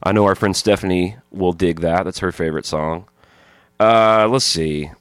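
A man's voice: deep voice, moderate pace, smooth, no room sound. A man co-hosting a podcast in casual chat, joking around and reading listener emails aloud. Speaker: podcast co-host.

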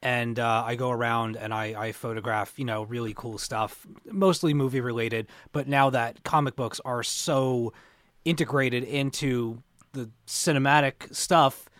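A man's voice: medium pitch, steady tone, unhurried, fairly bright tone, no echo. Rambling man telling con stories. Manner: rambling storyteller, many restarts. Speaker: podcast co-host. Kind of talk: casual podcast chat.

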